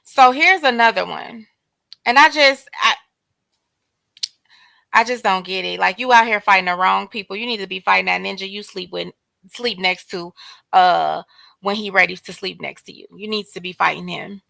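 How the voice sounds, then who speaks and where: A woman's voice: medium pitch, moderate pace, gravelly, sharp tone, no room sound. A woman hosting a casual livestream commentary, talking straight to her viewers and calling out chat names. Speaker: livestream host.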